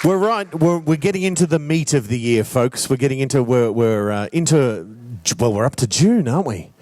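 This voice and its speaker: A man's voice: mid-range voice, lively intonation, normal speed, darkish tone, slight background noise. A man hosting a live show, bantering playfully with the audience. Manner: playful, addresses audience, hesitant restarts. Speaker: host and emcee. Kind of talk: live stage emcee banter.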